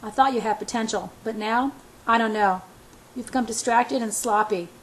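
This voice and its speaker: Woman doing a menacing male boss, sneering, contemptuous, volatile, somewhat high voice, storybook reading. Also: normal speed, lightly acted.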